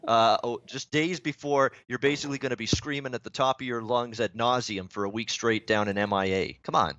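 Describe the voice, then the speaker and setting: A man's voice: medium pitch, fairly even intonation, brisk, a bit bright, dry recording. A man joining a betting show as a guest from a remote line, teasing the host in jest. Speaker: guest handicapper. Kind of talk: casual chat. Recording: dull dry remote line.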